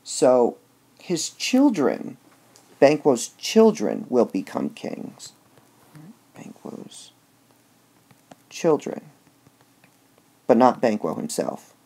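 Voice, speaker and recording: A man's voice: mid-range voice, huge pitch swings, very slow, gravelly, pauses often, warm tone, husky. A man giving a casual lecture that reviews a play, explaining step by step and often saying "all right". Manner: explains step by step with filler words.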